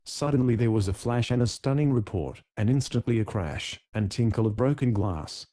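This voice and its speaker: Guy narrating an old adventure book, mellow dark voice, steady pace. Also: mid-range voice, moderate pace. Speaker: audiobook narrator. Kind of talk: scripted narration.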